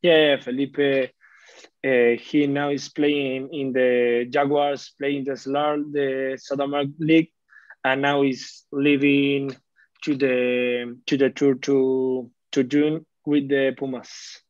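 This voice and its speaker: A young man from Argentina with an Argentine Spanish accent, answering questions in careful, halting English and repeating words as he searches for them. His delivery is slow and flat. The audio is dull and lo-fi, with a dry sound. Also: medium pitch, no echo. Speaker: rugby player, guest. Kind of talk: interview answers.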